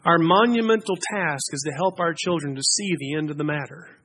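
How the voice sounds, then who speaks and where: A man preaching with a high, bright voice. He leans hard into key phrases and lifts them, building his points with emphatic force. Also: fairly quick. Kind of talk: sermon.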